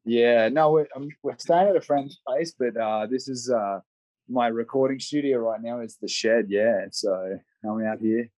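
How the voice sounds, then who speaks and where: A man's voice: mid-range voice, unhurried, a little mellow, dry recording. A young man from Queensland with an Australian accent, talking casually and rambling over a remote call from a shed. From Australia, Southeast Queensland. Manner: rambling, friendly, many fillers. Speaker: guest on a call. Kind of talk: casual conversation. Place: backyard shed.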